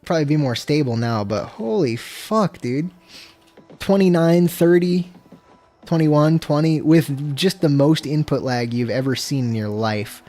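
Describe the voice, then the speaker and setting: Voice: mid-range voice, unhurried, mellow, faint music behind. A streamer chatting casually with viewers during a gameplay livestream, swearing freely and breaking into frustrated outbursts. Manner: laid-back, talks to chat.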